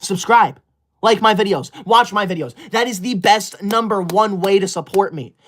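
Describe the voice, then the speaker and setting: A man's voice: high voice, moderate pace, fairly bright tone. A man hosting a livestream, reading out super chats with theatrical, over-the-top gratitude and mock outrage, thanking donors again and again in a hype style. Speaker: livestream host.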